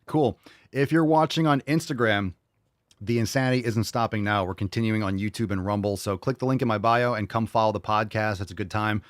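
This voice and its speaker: A young man hosts a live podcast, tossing out jokes and irreverent asides between viewer questions. His voice sits low, and the sound is close and dry with no room around it. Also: steady tone, dry recording. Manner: joking, irreverent, quick asides and put-on voices. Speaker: podcast host.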